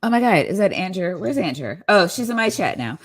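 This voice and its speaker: A woman with a deep voice talks in casual live-stream chat. Her pitch leaps around as she teases her friends, swearing freely and talking in loose, rambling bursts. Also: fairly quick. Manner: profane, teasing, animated.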